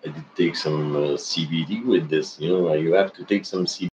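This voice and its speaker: A man's voice: a bass voice, steady tone, normal speed, darkish tone. A man who is talking casually to his followers. He rambles and halts, with many restarts and fillers. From Canada. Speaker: vlogger. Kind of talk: casual personal chat to followers. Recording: dull lo-fi recording with faint noise.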